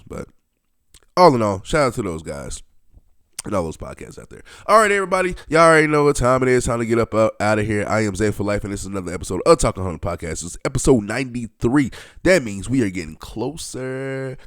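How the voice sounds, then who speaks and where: A man's voice: on the low side, no echo, studio quality. Laid-back young man hosting a podcast. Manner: loose and rambling, with frequent restarts and slang. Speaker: podcast host. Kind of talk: casual solo podcast monologue.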